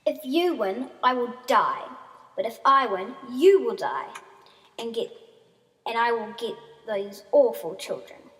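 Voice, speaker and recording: A woman's voice: on the high side, animated, a little slow, fairly bright tone. A taunting villain goddess, put on by a woman reader. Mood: scheming. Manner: taunting, giggling. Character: cruel, mocking female goddess villain. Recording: reverberant room.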